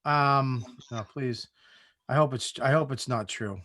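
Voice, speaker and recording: A man hosting a live comedy chat show over a video call, talking casually with lots of swearing and halting restarts. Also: mid-range voice, pushed and bright, a little hiss or hum. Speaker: host.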